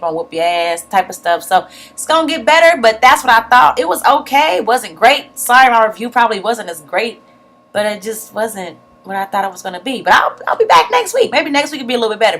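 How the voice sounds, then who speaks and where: Blunt, animated woman recapping a show. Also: on the high side. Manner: animated retelling with acted-out quotes, profane, blunt. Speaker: TV show reviewer. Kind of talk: casual recap vlog.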